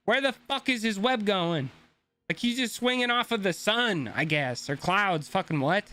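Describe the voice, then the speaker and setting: A man's voice: high-pitched, animated, normal speed, sharp tone. A young man streaming a game, ranting casually and swearing a lot as he talks to his chat. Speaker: gaming streamer.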